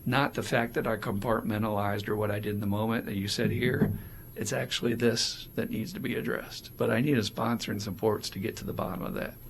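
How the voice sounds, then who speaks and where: A man co-hosting a casual recovery podcast, talking openly and acting out quoted voices with animated energy. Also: lowish voice, a little fast, creaky, a little hiss or hum. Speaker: podcast co-host.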